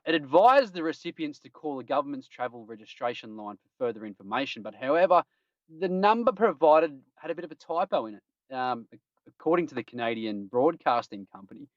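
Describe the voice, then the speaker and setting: A man's voice: medium pitch, no room sound. An Australian man hosting a podcast, running through odd news stories in a cheeky, joking way and laughing at his own puns. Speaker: podcast host. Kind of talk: casual news-roundup chat. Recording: dull lo-fi stream audio.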